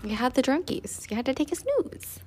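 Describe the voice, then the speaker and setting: A woman's voice: sits high, very animated, brisk. A woman co-hosting a casual podcast, reacting playfully with gasps and laughs. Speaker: podcast co-host. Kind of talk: casual chat.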